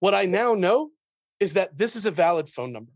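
A man's voice: sits high, very animated, fairly quick, dry recording, studio quality. A man who hosts a sales show, talking energetically in an interview, laughing often and acting out his cold-call lines. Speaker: sales podcast host and guest. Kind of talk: conversational interview.

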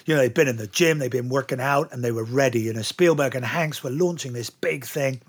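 A middle-aged Englishman with an English accent, chatting as an actor guest in an interview and telling lively, anecdotal stories with the odd curse. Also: medium pitch, a little fast, husky. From England. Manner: lively anecdotal storyteller, occasionally swears. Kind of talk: casual interview chat.

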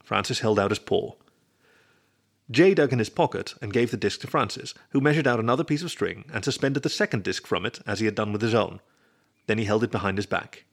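A man reading a story aloud as narrator in a steady storybook manner. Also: on the low side, a little fast, vocal fry. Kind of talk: scripted narration.

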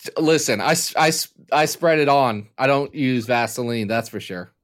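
A man's voice: mid-range voice, normal speed. Joking man from Kentucky on a podcast. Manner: joking, prone to long explanatory tangents. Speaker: podcast co-host. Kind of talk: casual chat.

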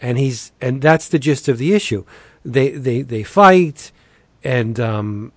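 A man in casual chat, excitedly recapping a story with many restarts and little acted quotes. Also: medium pitch, takes it slowly, no echo. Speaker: podcast co-host reviewing comics.

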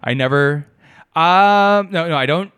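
A man co-hosting a casual podcast, a doctor who cracks deadpan absurd jokes. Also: a little high, a little slow, clean tone, no echo, studio quality. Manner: joking, deadpan absurd humor. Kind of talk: casual chat.

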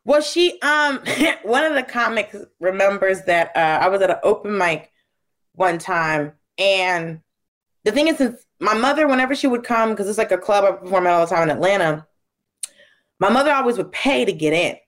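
A woman comedian talking casually as a guest and telling stories, acting out family members in quick, shifting voices. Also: mid-range voice, animated, a bit bright. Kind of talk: casual interview storytelling.

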